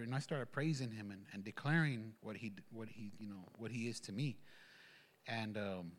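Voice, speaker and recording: At a church gathering, a man offers a casual personal testimony that wanders, with frequent fillers and restarts. His voice is on the low side and his pace moderate.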